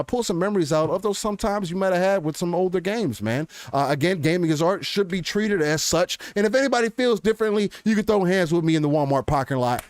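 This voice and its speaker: A man in his twenties co-hosting a casual gaming podcast, joking and animated. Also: high voice, no echo. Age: 20s. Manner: animated, joking, drifts into announcer voice. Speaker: podcast co-host.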